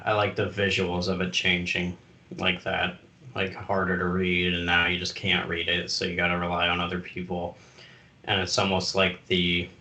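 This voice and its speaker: Deep, bright man in an echoey room. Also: muffled recording. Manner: enthusiastic, laughs easily. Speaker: podcast co-host. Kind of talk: casual chat. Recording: roomy, distant mic.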